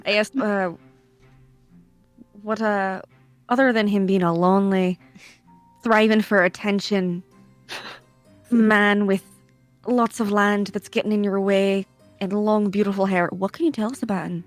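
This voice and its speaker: A woman's voice: medium pitch, steady tone, measured pace, pauses often, no room sound, soft background music. A woman playing a tabletop role-play game, chatty and laughing often between her lines. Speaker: player.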